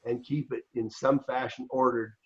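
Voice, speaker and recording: A man co-hosting a casual political discussion, explaining legal points in a measured, lawyerly way with some restarts. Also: medium pitch, flat delivery, muffled recording. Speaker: co-host.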